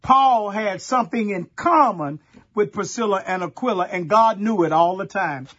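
A middle-aged pastor from Texas, preaching a sermon in a folksy storytelling way and talking straight to the congregation. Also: male voice, high-pitched, moderate pace, fairly bright tone, slightly rough, muffled recording.

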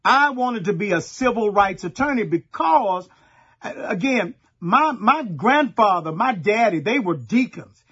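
A middle-aged pastor from Texas, preaching a sermon in a folksy storytelling way and talking straight to the congregation. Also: male voice, high-pitched, animated, unhurried, a bit bright, slightly rough, lo-fi sound.

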